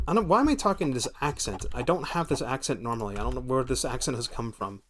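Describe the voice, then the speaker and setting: A man's voice: medium pitch, lively intonation, fairly quick, pauses often, a bit bright, slight background noise. An American man giving casual, rambling gameplay commentary as a streamer, thinking aloud and swearing now and then. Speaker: gaming streamer.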